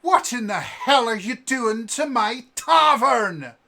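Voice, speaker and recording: A man voicing a furious, cold, commanding woman innkeeper who scolds and threatens as she shouts from off-mic. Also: very high-pitched, lively intonation, slow pace, creaky, voice pushed up, full character voice.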